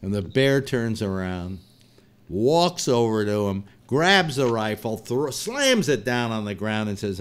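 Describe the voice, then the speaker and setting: A man hosting a live talk show, telling a long joke in a rambling, animated way with restarts. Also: mid-range voice, slow pace. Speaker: host.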